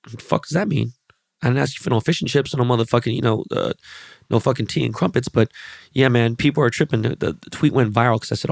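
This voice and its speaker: A man hosting his podcast, rambling through sports and celebrity stories with constant swearing and animated asides. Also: medium pitch, fast talker, creaky, no room sound, studio quality. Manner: profane, rambling, animated storytelling. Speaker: podcast host. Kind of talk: casual podcast monologue.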